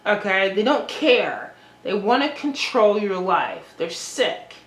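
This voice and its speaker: A woman's voice: mid-range voice, big pitch swings, takes it slowly, reverberant, low-quality recording. A woman vlogging in an agitated, rambling monologue, swearing often and restarting her sentences. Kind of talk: unscripted monologue to camera.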